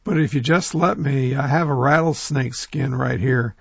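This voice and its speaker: A man voicing a sly, smooth-talking male rabbit trickster who flatters and coaxes in a folk tale. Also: medium pitch, normal speed, dry recording, lo-fi sound. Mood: coaxing. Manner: coaxing, flattering, persuasive.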